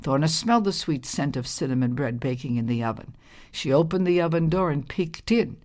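Low-voiced woman reading a folktale. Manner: measured, expressive. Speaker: narrator. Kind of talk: storybook narration.

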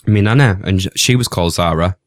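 A man's voice: low voice, fast talker. A man hosting a casual radio show, jokey and rambling, laughing at his own slips. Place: small radio studio. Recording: music bed under the voice.

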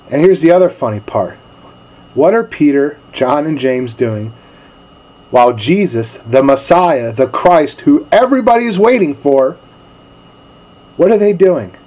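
A male pastor giving a sermon in a relaxed, storytelling manner with casual slang. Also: on the high side, unhurried, long pauses.

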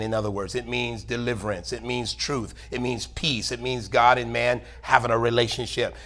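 Reading scripture aloud and pausing to call for amens, a man preaches a church sermon. He speaks at a medium pitch with a fairly bright quality.

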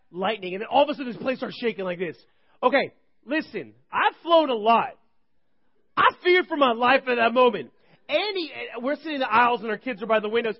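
A man in his thirties preaching to a church group, telling funny stories in an animated, rambling way. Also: very high voice, a little fast. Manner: animated, joking, rambling with restarts. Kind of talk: humorous sermon storytelling. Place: church service. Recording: dull lo-fi recording.

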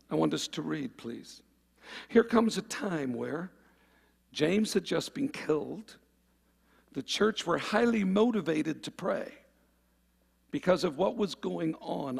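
Man preaching hard, raspy gravelly voice, kinda high, echoey church hall. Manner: fervent, calls for amens, swings between loud and quiet. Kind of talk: sermon.

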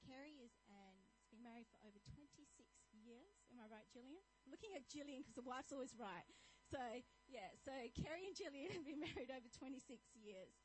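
A woman's voice: high-pitched, lively intonation, fairly quick, hardly any pauses, soft background music, poor audio. A woman hosting at church, introducing the guest speaker in a chatty, stumbling way. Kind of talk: stage introduction.

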